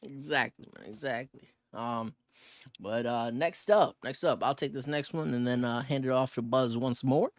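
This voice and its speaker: A young man co-hosting a podcast, talking fast and loose with lots of slang, cursing and filler words. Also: mid-range voice, no echo, studio quality. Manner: fast, rambling, slangy and profane, with many fillers. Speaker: podcast co-host. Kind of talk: casual podcast chat.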